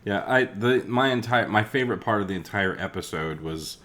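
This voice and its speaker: Deep-voiced laid-back guy, swearing. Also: animated, brisk, a bit bright. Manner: laid-back, profane, jokey. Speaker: podcast co-host. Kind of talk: casual chat about a cartoon series.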